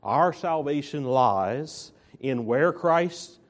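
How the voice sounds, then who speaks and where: A man's voice: fairly high pitch, animated, drawn-out words. A man preaching a sermon as a pastor, earnest and emphatic, often restarting his phrases.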